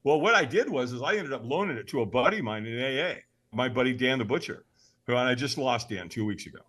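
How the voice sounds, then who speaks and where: A middle-aged man telling stories as a podcast guest, animated and emphatic. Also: mid-range voice, quick pace. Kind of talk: storytelling in an interview.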